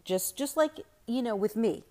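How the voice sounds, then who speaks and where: A woman's voice: on the high side, lively intonation, normal speed, warm tone. A woman talking candidly and reflectively about personal experience, with many fillers and restarts.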